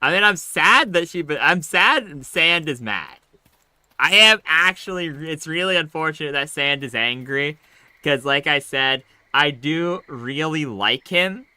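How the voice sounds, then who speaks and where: A man's voice: on the high side, animated, measured pace, pushed and bright, clean tone, dry recording. A man casually commenting on his gameplay, slangy and chatty, ranting as he retells arguments. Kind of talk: casual let's-play commentary.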